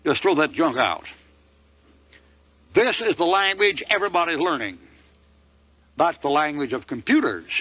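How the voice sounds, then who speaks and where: A man's voice: a little high, lively intonation, normal speed, pauses often, no echo. An older man preaching a fiery sermon lecture, firing off mocking rhetorical questions. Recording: dull lo-fi dry recording.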